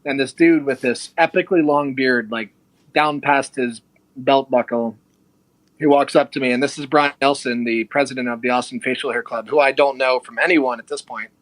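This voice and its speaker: A man's voice: mid-range voice, moderate pace, no room sound. A young adult man, a podcast guest, telling a casual story and acting out the people in it. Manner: animated, acts out quoted people.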